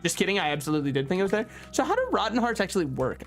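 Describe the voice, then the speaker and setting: A man's voice: on the high side, very animated, fast, a bit bright, faint music behind. A man giving casual, sarcastic gameplay commentary as a streamer, mocking himself and swearing freely. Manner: sarcastic, self-mocking banter.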